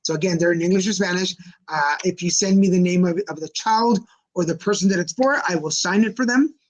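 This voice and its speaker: A man co-hosting a casual talk show livestream, easygoing and slowing down to spell out details. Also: high-pitched, dull audio. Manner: easygoing, slows down when promoting. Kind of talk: casual chat. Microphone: livestream setup.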